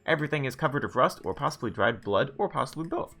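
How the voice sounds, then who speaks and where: A man's voice: medium pitch, lively intonation, fast talker, creaky, a bit bright, faint music behind. A man streaming a video game, reading its narration aloud with relish and making playful comments. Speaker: let's play streamer.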